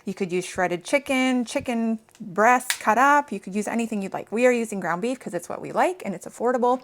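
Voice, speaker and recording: In her home kitchen, a Canadian cooking vlogger in her thirties keeps up a brisk, expressive patter with a fairly high voice. She addresses viewers directly in a chatty way, slightly out of breath as she cooks.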